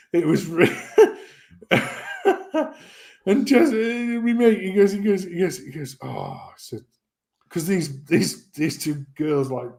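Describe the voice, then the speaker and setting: Lively swearing man telling a story. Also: on the high side, slow pace, creaky, long pauses. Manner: animated anecdote telling with swearing and laughter. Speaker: stream co-host. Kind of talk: casual storytelling.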